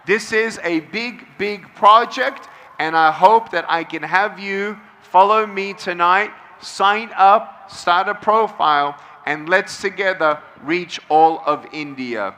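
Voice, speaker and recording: A man's voice: high voice, slow pace, sharp tone. A man speaking as a motivational speaker to a large crowd at an outdoor event, emphatic and repeating phrases for the crowd to echo. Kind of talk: addressing a large crowd, call-and-response.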